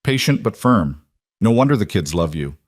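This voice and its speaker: A man doing an earnest cowboy, gentle but firm. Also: lowish voice, big pitch swings, moderate pace, dry recording.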